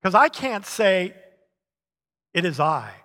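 A middle-aged man delivers a sermon in a slightly higher-than-usual voice, telling stories with chuckles and lively emphasis. His words ring out in the long reverb of a large church sanctuary. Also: slow. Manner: animated storytelling with chuckles. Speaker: pastor.

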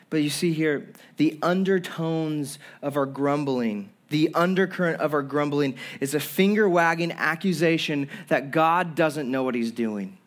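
A man's voice: fairly high pitch, unhurried, few pauses. A young man preaching a sermon as pastor, earnest, with frequent restarts and acting out people's complaints. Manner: earnest preaching with repeated restarts and acted-out quotes.

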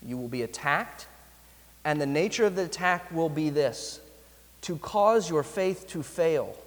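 A pastor delivers a sermon in an earnest, emphatic way, slowing down to lean on his key phrases. His voice sits a little on the high side for a man. The sound carries the long reverb of a large hall. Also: animated.

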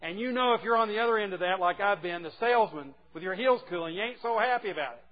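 A man preaching a sermon to a group of men, earnest and moving between hushed and emphatic delivery. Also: high voice, quick pace. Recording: muffled lo-fi recording.

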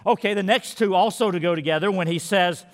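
A man preaching a sermon as pastor, earnest and repetitive, sometimes dropping his voice to a hush to stress a word. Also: sits high, fairly quick. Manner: earnest, repeats key words, drops to a hush for emphasis. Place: large church sanctuary. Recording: long hall reverb in a big church.

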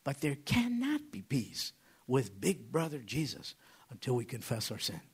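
A man with a slightly husky voice preaches a sermon. His pitch swings high and low as he presses questions on his listeners and leans into dramatic pauses. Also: wildly swooping pitch.

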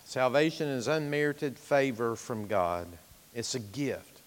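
A man preaching a sermon as pastor, emphatic, swinging from loud to hushed, in a church sanctuary. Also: mid-range voice, lively intonation, unhurried, in a large hall.

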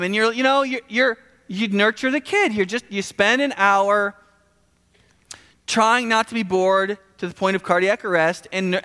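A man delivers a sermon in a loose, chatty style, stumbling over restarts and tossing in quick asides. His voice sits high for a man. The sound rings with the long reverb of a large hall. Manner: animated, conversational preaching with frequent restarts and asides. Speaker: pastor.

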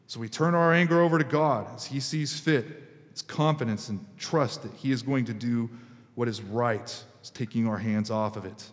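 A male pastor preaching a sermon in a conversational, emphatic way, his pitch jumping up suddenly for stress. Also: moderate pace. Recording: reverberant hall.

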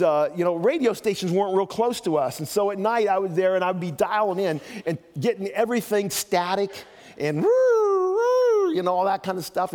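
A man's voice: sits high, darkish tone. Older man, pastor, sermon, folksy joking storyteller, long hall reverb.

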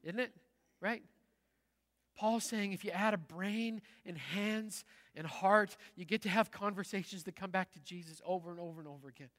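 A middle-aged man, a pastor, preaching a sermon in a large church, telling stories in a lively, conversational way. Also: high voice, normal speed, in a large hall. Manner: conversational storytelling, lively and animated.

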